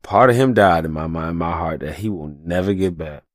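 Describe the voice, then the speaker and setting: Male podcast host, young adult, deep voice, heated profane solo rant, dry close mic. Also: normal speed, no room sound.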